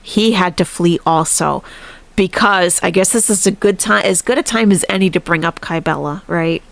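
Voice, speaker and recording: A woman's voice: on the low side, normal speed, gravelly, a bit bright, dry recording. A woman hosting a live stream, chatting casually and animatedly, laughing often and thanking viewers.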